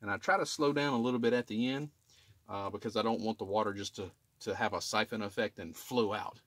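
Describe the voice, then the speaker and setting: A middle-aged man with a slightly low voice walks through a hands-on repair job in an attic. He talks plainly and casually, filming himself as he works and pausing to ask "okay?" so viewers keep up. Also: fairly bright tone, no room sound. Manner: plain-spoken, repeats "okay?" to check in with viewers. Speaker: HVAC technician demonstrating maintenance. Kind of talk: casual how-to demonstration. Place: residential attic. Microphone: camera filming himself while working.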